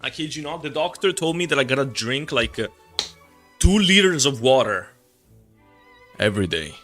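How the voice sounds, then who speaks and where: A man's voice: medium pitch, expressive, moderate pace, a bit bright. A young male streamer rambling and joking through a game, his swearing loose and casual. His voice sits mid-range, with faint game music playing under it. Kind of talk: casual livestream chat.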